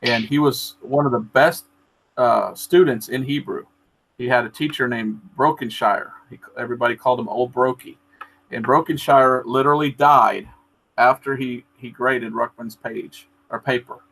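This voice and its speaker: A man in casual chat, telling a story in an earnest, animated way. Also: medium pitch, moderate pace, vocal fry, rough recording. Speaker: storyteller in a live video chat.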